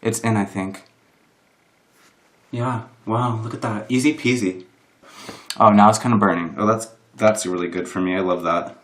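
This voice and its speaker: A man's voice: on the low side, steady tone, moderate pace, long pauses. A young man chatting through a casual makeup tutorial at home, rambling and mocking himself, filmed on a camera propped on a box. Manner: self-deprecating, rambling, full of "like". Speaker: vlogger. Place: room at home. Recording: roomy echo of a home room.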